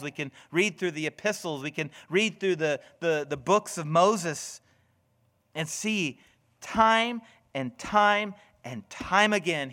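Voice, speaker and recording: A man preaching a sermon as pastor, swinging deliberately between loud emphasis and hushed, whispered lines. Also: fairly high pitch.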